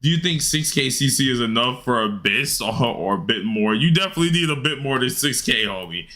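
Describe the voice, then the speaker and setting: A man's voice: medium pitch, expressive, a little fast, pushed and bright. A man streaming a game, chatting casually with his chat in a laid-back, slangy way and laughing often. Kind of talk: casual livestream chat while gaming.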